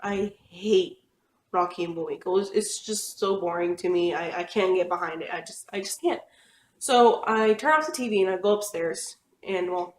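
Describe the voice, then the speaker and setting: A young woman telling personal stories in a rambling, chatty way, with lots of fillers. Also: lowish voice. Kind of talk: casual storytelling. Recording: echoey room.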